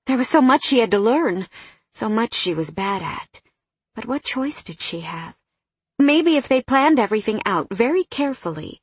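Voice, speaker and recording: A woman narrating an audiobook in a calm, intimate manner on a close studio mic. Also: fairly high pitch, moderate pace, breathy edge, no echo. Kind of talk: scripted narration.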